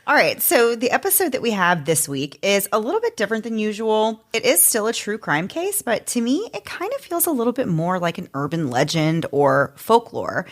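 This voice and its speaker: A woman's voice: medium pitch, very animated, moderate pace, hardly any pauses. A woman, hosting a casual true crime podcast and chatting with filler words. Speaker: podcast host.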